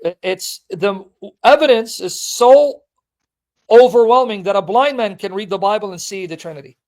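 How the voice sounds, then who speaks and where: A man's voice: high-pitched, normal speed, a little mellow. A man hosting an apologetics call-in show, blunt and teasing, repeating his points with emphasis. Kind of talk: live call-in debate chat.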